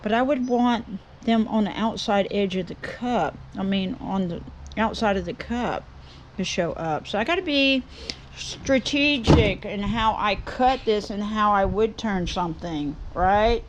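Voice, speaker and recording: A middle-aged Southern woman rambles along in a folksy, chatty way. She talks to her viewers from her woodturning workshop, at a middle pitch. A faint hum of noise sits behind her voice. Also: unhurried. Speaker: woodturning vlogger. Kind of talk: casual chat to camera. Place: home workshop.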